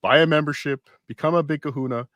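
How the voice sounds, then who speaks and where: A man's voice: on the high side, fast, a bit bright, no echo. Dry-voiced male podcast co-host. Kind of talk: casual podcast chat, reading posts aloud.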